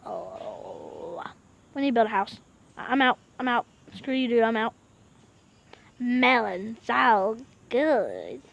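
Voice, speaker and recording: A young woman commenting on a video game with excitable, panicky yelling. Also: on the high side, takes it slowly, vocal fry, pauses often, highs cut off. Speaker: gaming video host. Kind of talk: let's play commentary.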